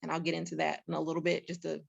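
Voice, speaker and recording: Chatty woman with a gravelly, lo-fi voice. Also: low voice, completely flat delivery, rapid-fire. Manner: chatty, laughs often, many fillers. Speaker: guest real estate investor. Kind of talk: casual instructional talk.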